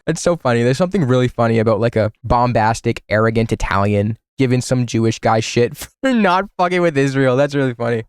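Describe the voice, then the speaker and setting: A man's voice: mid-range voice, darkish tone, no echo. Guy doing political commentary on stream, sarcastic, swears a lot, dry close sound. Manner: sarcastic and profane, with mock outrage. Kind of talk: casual political commentary, reacting to material on screen.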